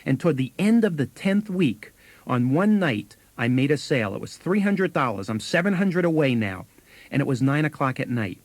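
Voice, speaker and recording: A man's voice: mid-range voice, very animated, moderate pace, dry recording. A man co-hosting a sales training tape, telling anecdotes with acted quotes and chuckles.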